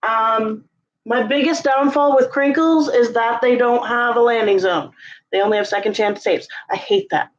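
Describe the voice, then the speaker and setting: A woman's voice: moderate pace, highs cut off. A woman chatting casually at home in a vlog, sick, her voice strained and forced, rambling with many fillers. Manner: rambling, many fillers, coaxes cat in high sing-song calls. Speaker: vlogger. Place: home closet, indoors.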